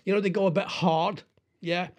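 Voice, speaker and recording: A middle-aged man hosting a radio show, rambling in casual chat with lots of halting restarts and self-deprecating asides. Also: sits high, steady tone. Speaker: radio host.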